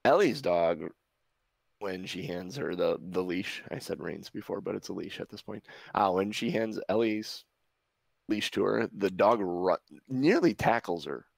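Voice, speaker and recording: A man running a tabletop game as game master, narrating in a relaxed, halting way with many fillers. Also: low-pitched, gravelly, no room sound.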